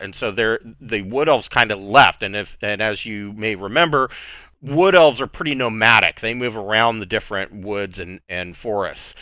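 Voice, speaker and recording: Game master guy narrating the session, loose and rambly, lots of uhs, bright crisp voice. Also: lowish voice, unhurried, no echo. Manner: relaxed and rambling, with many fillers.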